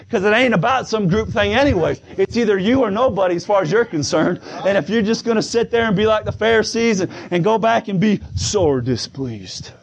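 A man preaching a fervent sermon, shouting in bursts while losing his voice. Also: high-pitched. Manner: shouting, call-and-response preaching. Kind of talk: pentecostal-style sermon. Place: church sanctuary. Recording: muffled, lo-fi church recording.

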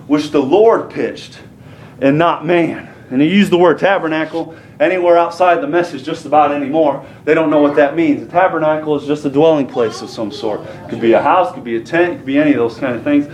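High-voiced preacher in an echoey church. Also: male voice, quick pace, few pauses, slight background noise. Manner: swells from plain teaching to shouted fervor. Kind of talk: sermon.

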